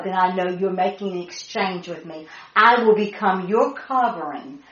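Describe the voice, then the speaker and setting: A woman leading a Bible study, excited and animated, spelling out words and laughing as she teaches. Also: fairly low pitch, moderate pace. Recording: echoey muffled room audio.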